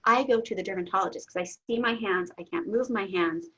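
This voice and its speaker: Husky middle-aged woman telling her story. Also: medium pitch, a little fast. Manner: animated, candid, laughs often, sudden loud bursts. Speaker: guest. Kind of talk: personal storytelling in an interview. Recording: dull lo-fi audio.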